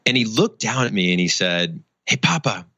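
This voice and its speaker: A man's voice: lowish voice, normal speed, pushed and bright, dry recording. A middle-aged man, a charity founder and interview guest, telling a personal story and acting out the quotes.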